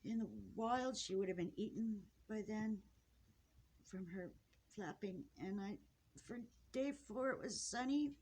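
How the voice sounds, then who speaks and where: A woman talks off the cuff while filming her finches at home, her voice halting and tearful, full of sighs, restarts and apologies. Her pitch sits in an ordinary middle range, and a faint hiss runs underneath the home recording. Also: darkish tone. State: tearful, upset. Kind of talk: casual off-the-cuff narration to camera. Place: indoors at home near a birdcage.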